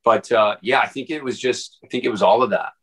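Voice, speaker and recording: A man's voice: medium pitch, fairly quick, a bit bright, husky, poor audio. A man guest on an interview podcast, telling his story casually in a rambling way with many fillers and restarts. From Texas.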